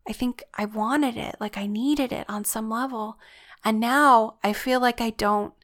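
A woman's voice: on the high side, fairly even intonation, unhurried, fairly bright tone. A woman giving an earnest, reflective personal faith testimony.

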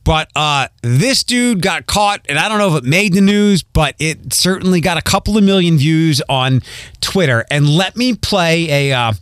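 Higher-voiced podcast host, light Philly accent. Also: male voice, lively intonation, normal speed, fairly bright tone, smooth, dry recording. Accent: light Philadelphia. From Philadelphia. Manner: rambling, with frequent ums and repeats. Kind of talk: casual podcast monologue.

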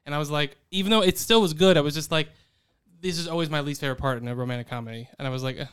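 Guy gushing about movies, super crisp clean voice, lots of likes. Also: on the high side, fairly bright tone. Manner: fast, filler-heavy, enthusiastic. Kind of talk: casual chat about films.

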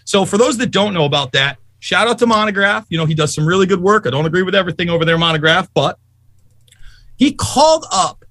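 A man ranting angrily on a podcast, swearing often as his voice swoops high and low. His tone is bright and sharp, recorded dry and close. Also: no room sound. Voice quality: profane, fast and animated. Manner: angry, emphatic storytelling. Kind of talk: heated political rant.

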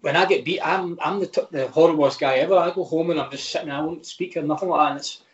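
Rambling Scottish footballer, echoey room. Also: male voice, a little high, fast talker, lo-fi sound. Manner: rambling, frank, with lots of restarts. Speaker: footballer guest. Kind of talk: casual podcast chat.

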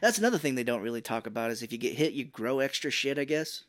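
A man co-hosting a casual podcast, recapping a movie and acting out its lines in high, mocking put-on voices. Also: expressive, quick pace, a bit bright. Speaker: podcast co-host.

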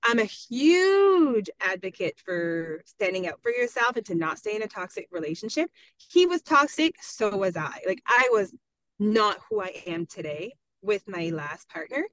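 A middle-aged woman talking frankly in a casual podcast chat, animated and full of "like" as she tells stories. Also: mid-range voice, measured pace. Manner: frank, animated storytelling with lots of "like". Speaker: podcast guest. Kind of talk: casual conversation.

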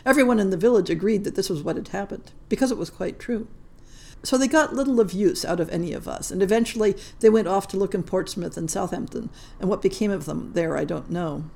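A woman narrating a short story in a measured, gentle storytelling voice. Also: mid-range voice, vocal fry. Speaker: podcast story reader. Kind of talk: scripted narration.

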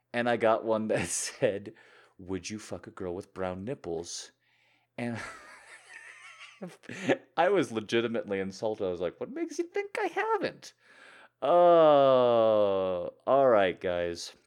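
A man hosting an audio channel, answering listener questions in a casual, jokey, animated way. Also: fairly low pitch. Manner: animated, jokey, bursts of laughter. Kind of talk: casual Q&A chat.

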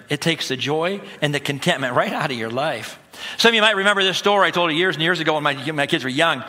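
A middle-aged male pastor delivers a sermon with a bright, forceful voice, pitched a little high for a man. He tells his stories animatedly, acting out everyday voices as he goes.

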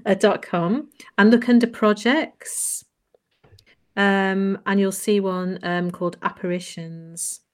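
A woman's voice: mid-range voice, steady tone, takes it slowly. A woman co-hosting a podcast who rambles in a hesitant way, full of ums and small laughs. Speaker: podcast co-host. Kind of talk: casual chat.

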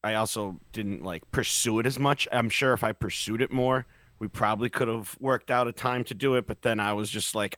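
A man's voice: fairly low pitch, brisk, fairly bright tone, dry recording. A man hosting a podcast, talking in a loose, joking, rambling way over a video call. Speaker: podcast host.

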